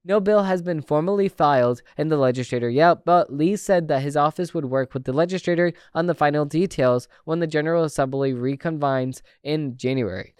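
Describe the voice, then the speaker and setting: A man's voice: fairly high pitch, brisk, hardly any pauses, a little mellow, clear, resonant tone, dry recording, clean studio sound. A man hosting a podcast who reads news articles aloud and breaks in with opinionated, conversational asides. He sometimes stumbles and restarts words while reading. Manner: opinionated, conversational asides between read passages. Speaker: podcast host.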